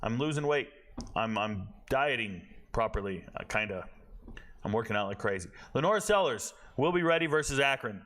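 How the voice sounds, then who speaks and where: A man hosting a college football show, talking casually and bluntly, rambling and correcting himself, with a tired, low-energy delivery. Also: expressive, moderate pace, fairly bright tone. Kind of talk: casual sports commentary.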